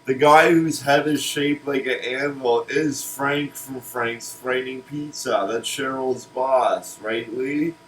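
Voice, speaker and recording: Slow, rambling man. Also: mid-range voice, fairly bright tone, slight background noise, poor audio. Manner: rambling, restarts words, laughs at own jokes. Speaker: presenter of a cartoon pitch. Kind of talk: casual comedic pitch chat.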